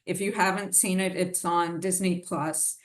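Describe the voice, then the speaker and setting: Slow, measured female host with a lowish voice, picked up from afar in a roomy hall. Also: fairly even intonation. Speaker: lecture host and interviewer. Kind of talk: hosted lecture conversation. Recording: distant mic in echoey hall.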